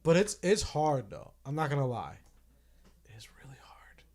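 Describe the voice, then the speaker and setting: A man's voice: mid-range voice, sing-song, moderate pace, darkish tone. A young man in a mid-range voice talks earnestly on a podcast. He swears casually, and his sentences often trail off as he works through them. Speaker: podcast co-host. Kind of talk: casual chat.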